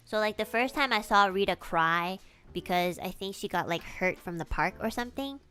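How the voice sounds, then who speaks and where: A young woman streamer tells a casual story in an animated, lively way, cursing freely and breaking into laughs. Her voice is bright and forceful, and faint music plays underneath. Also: medium pitch, normal speed, clear, resonant tone.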